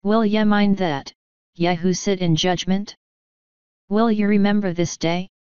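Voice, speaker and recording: A woman's voice: medium pitch, fairly even intonation, unhurried, darkish tone, clean tone, no room sound, highs cut off, natural voice. A woman reading the part of a stern, shrewd old shepherdess who speaks in terse old rustic phrasing.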